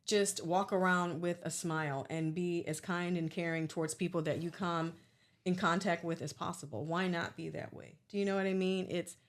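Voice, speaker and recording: Chatty woman podcast host, lower voice. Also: steady tone, moderate pace. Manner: chatty, earnest, calls guest "girl". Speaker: salon owner. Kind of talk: casual chat.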